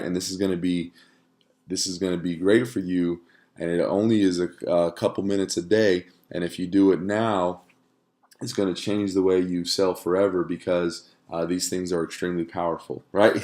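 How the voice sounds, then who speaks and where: A man's voice: deep voice, a little mellow. A man teaching an online course to camera in a casual, conversational way, often checking in with "right?" and using fillers.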